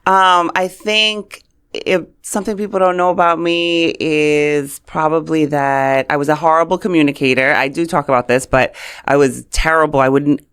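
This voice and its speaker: A woman from New York with a New York accent, a communications coach speaking as a guest and telling stories in a lively way. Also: deep voice, normal speed, smooth. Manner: animated storyteller who acts out quotes. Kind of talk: casual interview chat.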